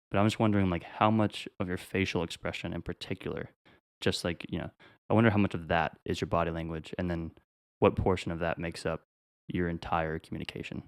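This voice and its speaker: A young man co-hosting a podcast, thinking aloud in a quick, reflective way. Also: deep voice, level tone, dry recording, studio quality. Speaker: podcast co-host. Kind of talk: casual chat.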